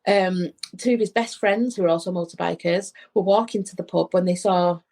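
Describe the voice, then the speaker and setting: A woman's voice: on the low side, fairly quick, dark tone. A woman, a podcast guest and medium, telling a heartfelt personal story in a rambling way, acting out the voices of the people she quotes.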